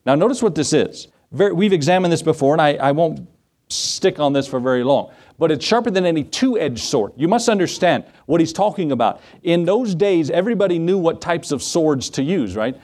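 A man's voice: on the high side, lively intonation, a little fast, darkish tone. A man in the role of pastor, preaching a sermon in a church, conversational, with asides and questions to the congregation. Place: church sanctuary.

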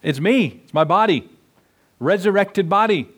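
A man's voice: sits high, animated, unhurried, fairly bright tone, breathy edge. A man preaching a sermon in a church, passionate and full of questions to the congregation. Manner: impassioned, rhetorical questions to the congregation. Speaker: pastor.

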